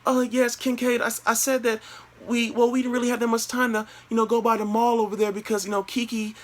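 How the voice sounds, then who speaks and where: A man putting on a high whiny girlfriend voice. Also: little pitch movement, fast talker. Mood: apologetic, rambling. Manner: rambling, hesitant, full of fillers. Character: whiny apologetic young woman girlfriend.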